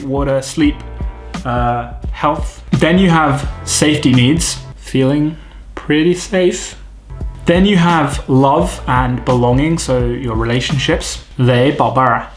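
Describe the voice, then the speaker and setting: A British man in his thirties, vlogging to camera in an earnest, self-critical way, thinking aloud at home. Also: mid-range voice. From United Kingdom. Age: 30s. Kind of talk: candid reflective vlog talk to camera.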